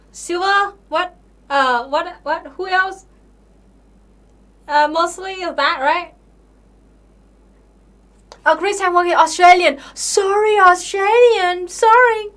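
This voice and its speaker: A young woman with a high voice chats unhurriedly on her live stream. She pads her talk with fillers, drifts off mid-thought, and slips into sarcastic disbelief, with the odd swear word. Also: slow pace, pauses often, a bit bright. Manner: chatty, full of fillers, incredulous and sarcastic, swears. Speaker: livestream host answering viewer questions. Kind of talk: casual live-stream chat.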